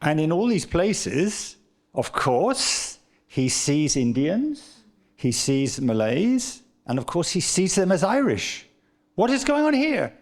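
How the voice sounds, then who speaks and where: A man's voice: on the high side, sing-song, slow pace. A man giving a rambling, anecdotal talk about his book at a literary festival, often stumbling and repeating words. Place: live literary festival event.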